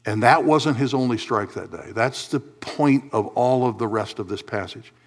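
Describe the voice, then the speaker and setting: A man preaching a sermon in a church, swinging between low, quiet asides and loud, emphatic high peaks. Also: normal speed. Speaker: pastor.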